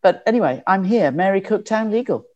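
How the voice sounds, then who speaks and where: A woman, a lawyer on a panel, speaking with a hoarse voice and halting ums over a video call. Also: mid-range voice, expressive, warm tone, dull audio.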